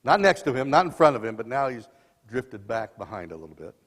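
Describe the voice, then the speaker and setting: A man in his sixties preaching a sermon as dramatic storytelling, swinging between loud and soft passages, in a church sanctuary. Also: medium pitch, sing-song, a little fast. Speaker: lay preacher. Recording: long church reverb.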